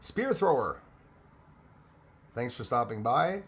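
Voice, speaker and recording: A man's voice: mid-range voice, big pitch swings, slow pace, fairly bright tone, slightly rough. A middle-aged man from Canada hosting a casual live stream, greeting viewers by name and sometimes switching into French.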